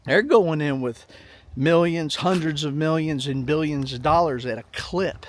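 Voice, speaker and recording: A man's voice: on the high side, unhurried, slight background noise. A middle-aged man giving casual, rambling money commentary in a vlog, emphatic and folksy, often repeating himself. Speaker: finance vlogger.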